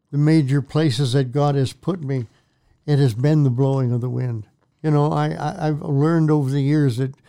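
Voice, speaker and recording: A man's voice: medium pitch, warm tone. An older man, a minister, telling his faith story to an interviewer in an earnest, preacherly way that repeats phrases for emphasis. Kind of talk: testimony in a Christian talk show interview.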